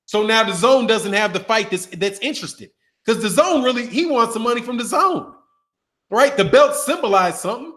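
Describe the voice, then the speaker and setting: High-pitched man, boxing commentator, animated trash-talking rant. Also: moderate pace. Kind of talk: casual rant to camera.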